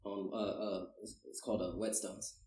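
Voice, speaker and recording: A man's voice: fairly low pitch, little pitch movement, normal speed, warm tone, recorded from a distance. A young man co-hosting a podcast, telling stories in casual chat with lots of fillers, swearing and laughter. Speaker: podcast co-host. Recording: echoey room.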